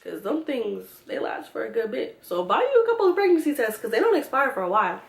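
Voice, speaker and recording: Animated young woman telling a story. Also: on the high side, quick pace, creaky, echoey room, slight background noise. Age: young adult. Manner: animated, swears freely, acts out quotes. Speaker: vlogger. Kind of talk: storytime vlog.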